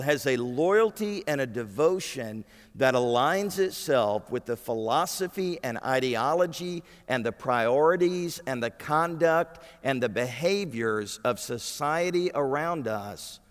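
A man's voice: mid-range voice, long reverb tail. A man preaching a sermon, emphatic and putting questions to his congregation. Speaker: pastor. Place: church sanctuary.

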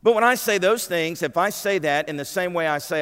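A man's voice: fairly high pitch, fairly quick, few pauses, a bit bright, long reverb tail. A man preaching a sermon, emphatic and putting questions to his congregation. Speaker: pastor. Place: church sanctuary.

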